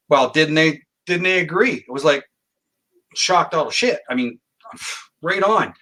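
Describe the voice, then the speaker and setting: Man, podcast guest, animated storyteller, bright tone. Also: a little high, moderate pace. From Canada. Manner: animated storyteller, acts out quoted dialogue. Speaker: guest psychic.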